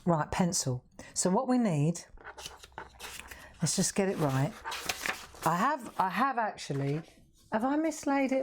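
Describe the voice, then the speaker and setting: A woman's voice: on the low side, big pitch swings, moderate pace, pauses often, a little hiss or hum. A woman hosting a live craft demonstration, chatting to viewers and laughing often as she works. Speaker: craft show host.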